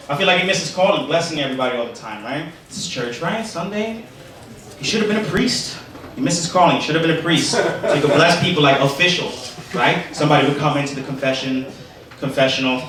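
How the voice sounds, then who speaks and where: Brief: New York-accented male comic, streetwise and profane, a bit high, distant mic in a noisy club. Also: fast talker, a bit bright, heavy reverb. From Brooklyn, New York. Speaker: stand-up comedian. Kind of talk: stand-up comedy. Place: comedy club stage.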